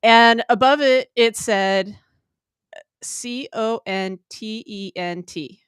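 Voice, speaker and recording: A woman co-hosting a relaxed business talk show, her voice sitting a bit high. She tells loose, rambling stories and laughs often. The sound is close and dry, as if captured over a livestream call. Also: takes it slowly, clean tone, no echo. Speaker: podcast co-host. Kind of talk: casual chat. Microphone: remote livestream call.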